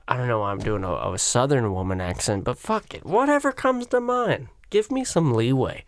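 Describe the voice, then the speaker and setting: A man hosting a solo podcast, ranting crudely and sarcastically, swinging from loud outbursts to quiet stretches. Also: medium pitch, big pitch swings, moderate pace, few pauses, dry recording, clean studio sound. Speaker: podcast host.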